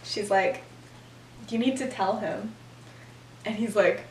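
On a roomy, distant mic with faint background noise, a young podcast host with a slightly bright, high-side voice talks slowly and pauses often. She casually retells a story, voicing the characters' lines amid frequent laughter.

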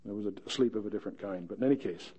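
A man's voice: lowish voice, racing, warm tone, slightly rough, dull audio. A man teaching verse by verse through a Bible passage, chatting with joking asides and reading the scripture quotes dramatically.

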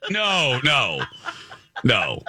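A man's voice: medium pitch, drawn-out words, background noise. A man hosting a talk show in casual chat, telling a story animatedly and acting out what people said. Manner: animated storyteller, acts out quotes.

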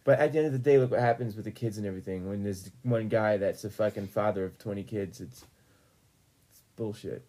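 A woman's voice: very deep voice, fairly quick, mellow. A woman co-hosting a casual chat, talking bluntly, indignant and swearing freely. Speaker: co-host. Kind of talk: casual chat reviewing a reality show.

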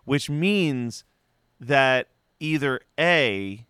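A man's voice: a little high, expressive, takes it slowly, pushed and bright, clear, resonant tone, no room sound, clean studio sound. A man co-hosting a podcast, casually and animatedly recapping an episode, swearing and acting out characters' lines. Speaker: podcast co-host.

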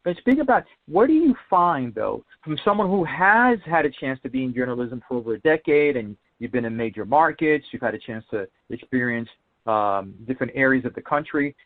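A man hosts a talk show and speaks earnestly, with a motivational bent. His voice sits at a middle pitch. The sound is dry and thin, like a phone line. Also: animated, fairly quick, no room sound. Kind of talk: casual interview.

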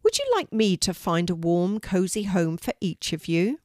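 An older woman voicing a polite, gentle, regal pampered female house cat in a storybook reading. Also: on the low side, very animated, normal speed, dry recording, clean studio sound. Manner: polite, gentle, well-spoken.

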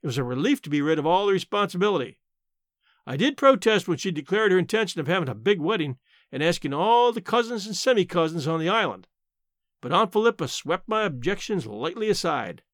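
Expressive high-voiced male storyteller. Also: a little fast, no room sound, studio quality. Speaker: audiobook narrator. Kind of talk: audiobook reading of a first-person novel.

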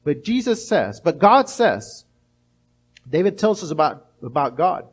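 A middle-aged pastor with a high voice preaches in an animated way. He slips into little acted-out voices and often stumbles and restarts his words. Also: a little slow, breathy edge. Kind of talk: sermon.

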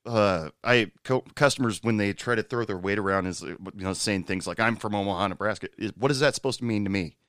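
A fairly low-voiced man hosts a casual interview, speaking haltingly with frequent filler pauses. His voice is close and dry. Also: fairly bright tone, no echo. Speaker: podcast host.

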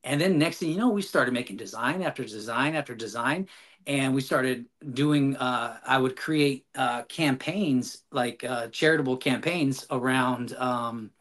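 A man's voice: mid-range voice, unhurried. A man guest on a podcast, telling a long story casually with many fillers and restarts. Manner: animated, rambling, frequent fillers and restarts.

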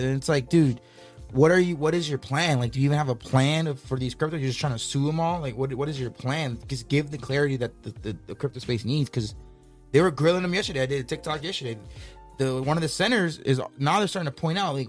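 Fast-talking animated male co-host. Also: on the high side, faint music behind. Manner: animated, rapid, rambling with many "like"s. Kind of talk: casual crypto news chat.

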